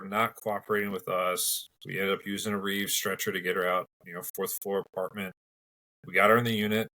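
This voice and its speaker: A man's voice: sits low, bright, forceful tone, rough recording. A man hosting a medical podcast, telling field stories in a conversational, practical way. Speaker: podcast host and paramedic. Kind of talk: casual podcast discussion.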